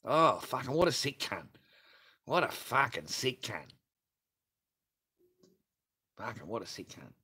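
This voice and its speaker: A swearing, laughing man holds forth on his own livestream. He rants loosely and crudely to his viewers, with a middle-pitched voice. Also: sing-song, takes it slowly, long pauses, bright, forceful tone, breathy edge. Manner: profane, laughing, ranting. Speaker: livestream host reading superchats. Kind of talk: crude casual livestream rant.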